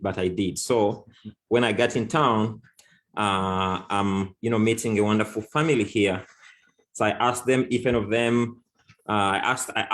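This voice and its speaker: A man speaks casually as the guest song leader on a video call. His voice sits somewhat low. He talks in a loose, unhurried way, with plenty of pauses and restarts. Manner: relaxed, with many fillers and restarts. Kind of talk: casual chat.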